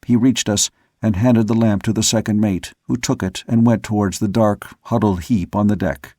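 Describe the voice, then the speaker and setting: A man reading a novel aloud as an audiobook narrator, in a measured, steady storytelling manner. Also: fairly low pitch, no room sound. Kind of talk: scripted narration.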